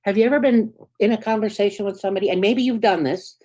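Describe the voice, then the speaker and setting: Earnest conversational woman minister preaching. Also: quick pace. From United States. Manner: conversational, earnest, asks the congregation "right?"; swings between soft low asides and sudden bright emphatic peaks. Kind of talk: sermon.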